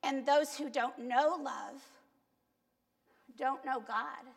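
Woman pastor, Cuban accent, chatty sermon delivery with a gravelly edge, long church reverb. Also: high-pitched, slow. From Cuba. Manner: conversational, self-deprecating, asks the congregation. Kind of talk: sermon with congregation questions.

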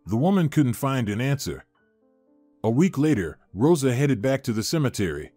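Lively-pitched male story narrator. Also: normal speed, dry recording, soft background music.

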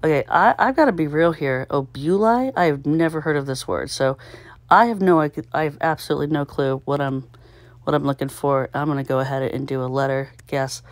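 A woman's voice: deep voice, a little fast, no echo. Chatty woman thinking aloud, self-mocking. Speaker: puzzle-solving vlogger. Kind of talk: casual solo commentary while solving.

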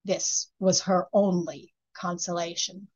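A woman reading a fairy tale aloud in a measured, expressive storytelling manner, on a slightly muffled recording. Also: fairly low pitch, husky. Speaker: reader.

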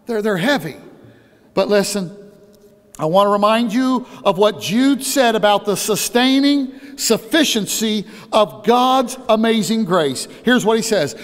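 A male pastor preaching an impassioned sermon that swings from hushed to loud. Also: sits high, expressive, a little slow, in a large hall.

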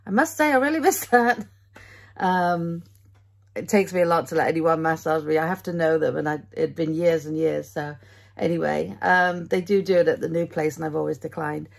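Chatty British woman with a gravelly voice. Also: sits low, normal speed. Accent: British English. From Britain. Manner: chatty and rambling, often laughing at herself. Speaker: vlogger. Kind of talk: casual day-in-the-life vlog. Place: at home.

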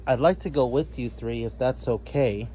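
A man's voice: mid-range voice, moderate pace, dark tone, muffled recording, a little hiss or hum, lightly acted. A man voicing a skeptical, prim girl in a storybook reading. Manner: doubtful, prim. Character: skeptical older-sister girl.

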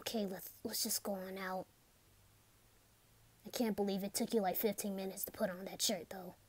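Soft-spoken woman in whispered role-play. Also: medium pitch, steady tone, fairly quick, husky, no echo. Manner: soft, hesitant, often whispered. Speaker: ASMR role-play performer.

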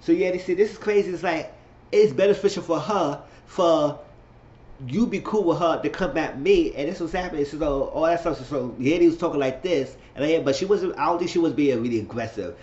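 Excitable man recapping TV, roomy lo-fi sound. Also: on the high side, fairly quick. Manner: excitable storytelling, repeating phrases, jumping into quoted voices. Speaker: TV recap vlogger. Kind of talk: casual episode recap.

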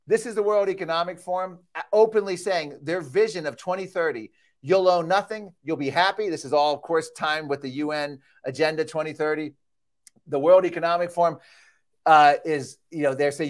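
Guy giving a fired up conference keynote, high voice, sarcastic, reads quotes aloud. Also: normal speed. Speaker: keynote speaker. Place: conference hall.

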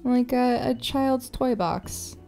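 A woman's voice: on the high side, takes it slowly, gravelly, mellow, soft background music. A woman co-hosting a casual podcast, easygoing and prone to giggles. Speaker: podcast co-host.

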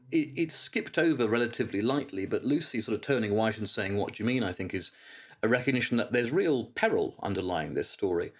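A man giving a reflective literary lecture as a church reader, thoughtful, with frequent hesitations and restarts. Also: lowish voice.

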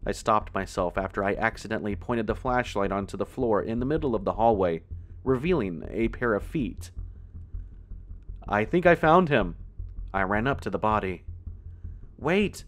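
A man with a fairly low voice reads a first-person horror story aloud. His telling is tense and measured, steady through the scary scenes. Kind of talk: scripted horror narration.

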